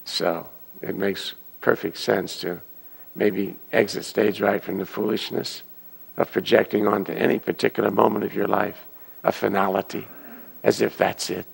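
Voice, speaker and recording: A man giving a Sunday sermon as a minister, telling stories and acting out the characters' excited voices. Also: lowish voice, normal speed, vocal fry, husky. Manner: animated storyteller, acting out excited quoted voices. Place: church hall. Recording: long hall reverb.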